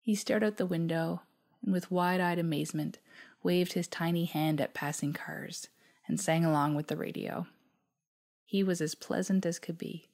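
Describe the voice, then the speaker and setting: A woman from Newfoundland reading her own personal reflection aloud in a soft, measured, reflective way that at times sinks close to a whisper. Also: lowish voice, steady tone.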